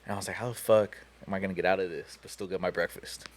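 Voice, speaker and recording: A man's voice: low-pitched, fairly even intonation, very fast, slight background noise. A young man on a podcast telling a long, profane story in a rambling way, full of "you know" and "like.". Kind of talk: casual storytelling chat.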